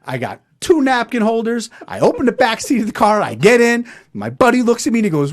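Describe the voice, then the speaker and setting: Male podcast host, animated storyteller who does the voices, pitch all over the place. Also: brisk, hardly any pauses. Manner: animated, acts out dialogue. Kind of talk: casual storytelling.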